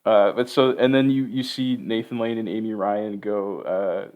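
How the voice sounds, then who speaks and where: Guy with a lowish voice recapping a movie, swears a lot, tons of like and uh. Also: steady tone, normal speed, dull audio. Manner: rambling, profane, heavy on fillers. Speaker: podcast host.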